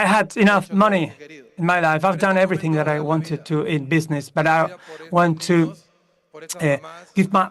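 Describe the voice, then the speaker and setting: A man in his sixties giving a slow, emphatic rally speech. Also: on the high side, fairly bright tone. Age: 60s. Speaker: political speaker.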